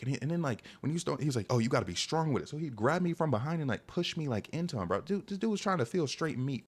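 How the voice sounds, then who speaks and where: A young man telling a personal story in a casual, exasperated storytime monologue, constantly saying "bro". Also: a little high. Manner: animated, exasperated, peppers speech with "bro".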